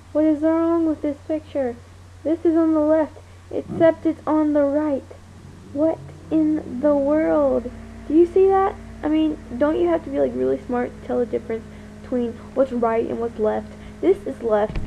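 A woman's voice: sits high, creaky. A young woman rambling drowsily into her camera, silly and giggly, sounding sleepy. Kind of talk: rambling sleepy webcam vlog. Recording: tinny lo-fi webcam audio with faint hiss.

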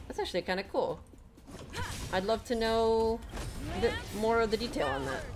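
A woman's voice: on the high side, normal speed, over music. A young woman streaming a video game, chatting candidly and rambling as she answers her chat, swearing freely. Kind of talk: casual gameplay stream chat.

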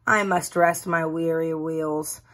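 A rusty old engine from a storybook, sighing and worn out, his words fading slowly, as a woman puts him on. The voice is breathy and tired. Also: low-pitched, steady tone, a bit bright, full character voice. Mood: weary.

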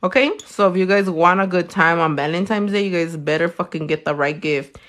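A woman, a nail technician chatting loudly and crudely on a livestream while she works, teasing and laughing a lot. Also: fairly low pitch, fairly even intonation, fairly quick. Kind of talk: casual livestream chat while doing nails. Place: her own room.

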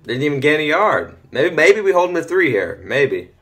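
A teenage boy casually commenting on a football video game from home, chatty, easily excited and often muttering to himself. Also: fairly high pitch, moderate pace. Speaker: gaming commentator. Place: home room.

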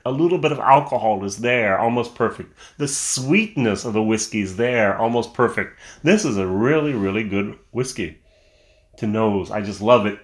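A man's voice: mid-range voice, a bit bright. A man talking casually into a camera at home, reviewing a whisky. He sounds enthusiastic and chatty, stumbling into restarts and fillers as he goes, with an ordinary mid-range voice. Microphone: camera mic.

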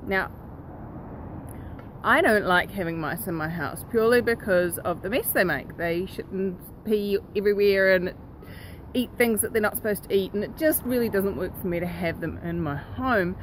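A woman hosting her own self-help vlog, telling a story in a lively, earnest and direct way. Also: medium pitch, moderate pace, a little hiss or hum, rough recording. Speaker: host.

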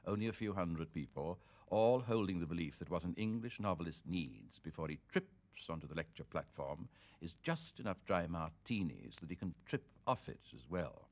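A man giving a theatrical dramatic reading of literary prose, sonorous, with sweeping swings of loudness. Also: deep voice. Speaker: reader.

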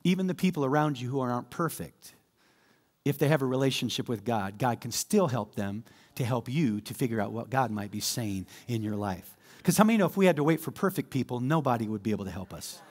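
A man preaching a sermon as pastor, animated and calling on the congregation to respond. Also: mid-range voice, fairly quick. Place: church sanctuary.

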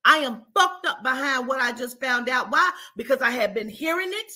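A woman's voice: high voice, animated, normal speed, sharp tone. A woman spiritual advisor telling a dramatic, profane story on a livestream and acting out the dialogue.

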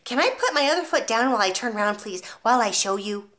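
A woman's voice: fairly high pitch, lively intonation, quick pace, a bit bright. A woman reading aloud and voicing a brave, eager little schoolboy who pipes up earnestly. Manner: piping, earnest.

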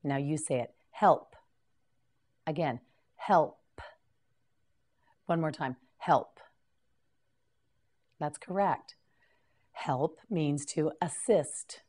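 In a slow, scripted English vocabulary lesson, a woman with a low-pitched, darkish voice patiently repeats each word so learners can copy it.

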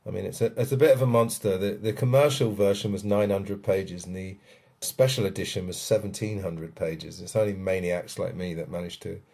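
A man's voice: sits low, fairly even intonation, a little fast, vocal fry, dark tone, slightly rough. A man hosting a podcast, interviewing a guest with eager questions. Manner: eager, keen, asks questions. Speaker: podcast host.

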